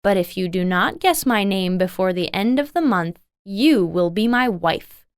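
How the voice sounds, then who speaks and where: A woman's voice: medium pitch, animated, unhurried, clean tone, no room sound, studio quality, natural voice. A woman voicing a small, sly male imp who bargains and teases in a storybook. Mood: teasing.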